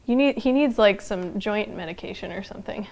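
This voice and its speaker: A woman teaching a casual live online anthropology lecture, chatty and loose with frequent fillers and quick laughs. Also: mid-range voice, creaky, a little mellow. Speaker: anthropology instructor.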